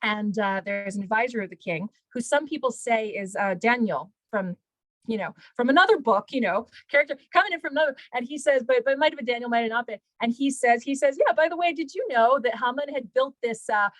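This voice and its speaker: A woman's voice: on the high side, fairly quick, a bit bright, dry recording, low-quality recording. A woman, a rebbetzin, retelling a story in casual talk, full of fillers and acted-out quotes. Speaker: rebbetzin, Torah teacher.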